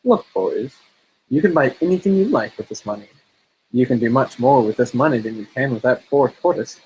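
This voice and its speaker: A man doing a gentle kindly fisherman. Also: mid-range voice, lively intonation, a little fast, a little hiss or hum, close to an everyday voice, low-quality recording. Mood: coaxing. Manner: gentle, coaxing. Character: kind gentle young fisherman.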